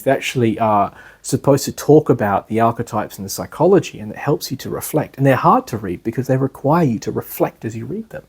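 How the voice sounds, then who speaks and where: A man's voice: medium pitch, darkish tone, slightly rough. A man giving a class as an instructor, talking loosely with many fillers and restarts. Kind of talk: lecture.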